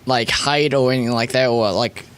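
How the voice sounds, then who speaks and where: Male podcast host, casual, halting questions, lots of fillers. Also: mid-range voice, steady tone, a bit bright, clean tone. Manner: hesitant questions with many fillers. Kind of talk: casual chat.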